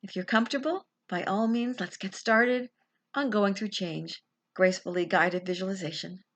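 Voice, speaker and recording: A woman guides a relaxation visualization in a slow, soothing way, letting her words settle between pauses. Her voice sits at an ordinary middle pitch, unhurried and gentle. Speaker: life coach leading a guided visualization. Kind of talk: guided meditation.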